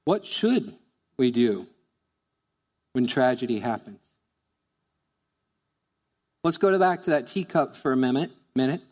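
A man preaching a sermon in a conversational, animated way, often acting out voices. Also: medium pitch, unhurried, pauses often, in a large hall. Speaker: pastor.

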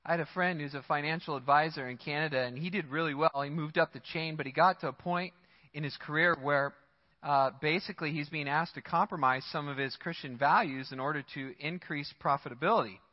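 A male pastor giving a conversational, animated sermon and acting out the voices he quotes. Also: fairly high pitch, brisk, big-room sound, dull audio. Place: church sanctuary.

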